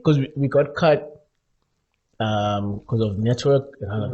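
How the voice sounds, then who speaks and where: A man hosting a podcast, telling a story in casual chat, animated, laughing often and acting out voices. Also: on the low side, a little slow, lo-fi sound. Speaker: podcast host.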